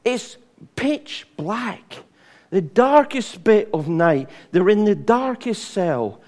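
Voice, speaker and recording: Man, sermon, lively delivery, slightly high voice. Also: slow pace. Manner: animated, acts out voices, sings hymn lines. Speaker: preacher.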